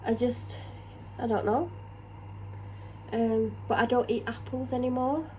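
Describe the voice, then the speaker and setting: A woman's voice: fairly high pitch, a little slow, warm tone, a little hiss or hum, rough recording. A tired woman rambles in casual chat about her day while cooking in her home kitchen. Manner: rambling, chatty, self-deprecating. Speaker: vlogger.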